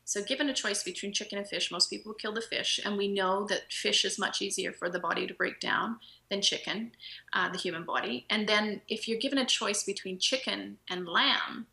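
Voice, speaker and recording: A woman guest tells stories in a casual interview, laughing easily and slipping into quoted dialogue. Her voice is bright and forward. The room around her has a noticeable echo. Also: mid-range voice, brisk, vocal fry. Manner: storytelling, laughs often, acts out quoted dialogue. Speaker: podcast guest, nutritionist. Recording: roomy echo.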